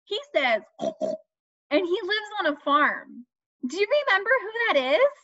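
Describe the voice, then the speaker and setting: A woman teaching young children, asking questions in a slow, sing-song way and stressing key words. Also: very high-pitched, very animated, pushed and bright. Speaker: children's speech and language teacher. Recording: dull lo-fi dry recording.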